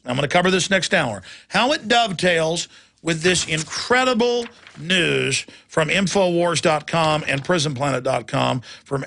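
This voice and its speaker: A man's voice: fairly high pitch, gravelly, pushed and bright. A man hosting a talk radio show, delivering an emphatic, ranting monologue.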